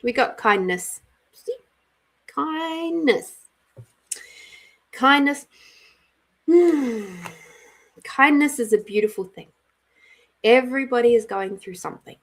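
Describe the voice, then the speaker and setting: Slow-talking, giggly woman hosting a reading. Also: on the high side, lively intonation. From Australia. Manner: bubbly and giggly, talks to viewers by name. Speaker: intuitive card reader and live-stream host. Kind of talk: casual live-stream chat with viewers.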